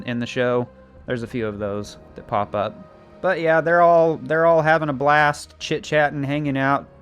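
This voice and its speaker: A young man casually recapping a TV season, rambling and joking with plenty of filler words. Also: mid-range voice. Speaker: show recapper. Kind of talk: casual plot recap with acted quotes.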